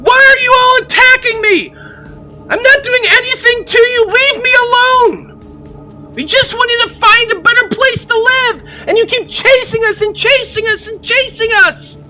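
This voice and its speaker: A man voicing a frightened, shrill hag woman who shouts in panic during a tabletop game. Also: unhurried, soft background music, full character voice. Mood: desperate.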